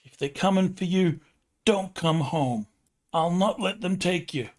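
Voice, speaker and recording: Man playing a defiant alien mother, New York accent, raised pitch, tabletop game. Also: a little slow. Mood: fierce. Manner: defiant, fierce. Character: stubborn, protective alien mother of a big family.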